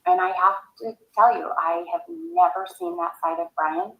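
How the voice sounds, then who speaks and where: A woman recalling family events in a recorded interview, speaking haltingly. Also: mid-range voice, very animated, gravelly, lo-fi sound. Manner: halting, hesitant recollection. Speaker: interviewee, sister of the subject. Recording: echoey room.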